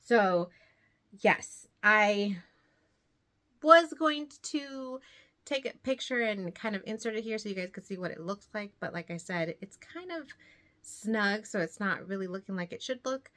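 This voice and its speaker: A woman's voice: medium pitch, lively intonation, a little slow, bright, forceful tone. A woman vlogging casually about her knitting, slightly out of breath, chatty and rambling with frequent laughs. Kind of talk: casual chat to camera.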